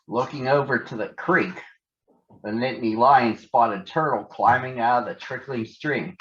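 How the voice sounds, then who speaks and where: A man reading a children's storybook aloud in a gentle storytelling manner, on a dull lo-fi recording. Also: mid-range voice, a little slow. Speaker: storybook reader. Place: outdoors on a hike.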